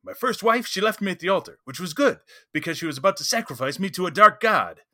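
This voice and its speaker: A jilted husband with a raised, theatrical voice, pitched well above ordinary talk and declaimed loudly for effect, as a man puts him on. The bright, crisp tone sits close and dry, with no room around it. He plays his woes for comedy. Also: animated, quick pace, no room sound. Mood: mock-dramatic.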